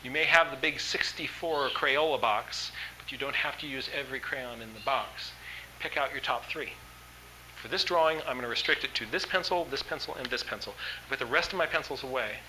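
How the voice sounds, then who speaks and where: A man's voice: medium pitch, a little fast, sharp tone, a little hiss or hum, low-quality recording. A man teaching an art workshop, talking in an enthusiastic, conversational way with frequent fillers. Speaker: art instructor. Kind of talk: workshop lecture.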